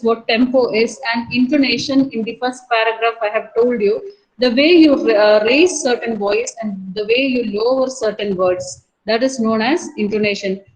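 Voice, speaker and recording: Woman teacher, Indian English accent, fairly high voice, college lecture, repetitive, lots of fillers. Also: rough recording. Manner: explains slowly with repetitions and many fillers. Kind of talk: online class lecture.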